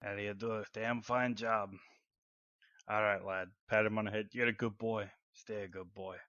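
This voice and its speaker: A man voicing a friendly, jovial middle-aged father in a tabletop game, hearty and quick to laugh. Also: on the low side, little pitch movement, pushed and bright, no room sound, lo-fi sound. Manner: hearty, laughing, calls people mate and lad.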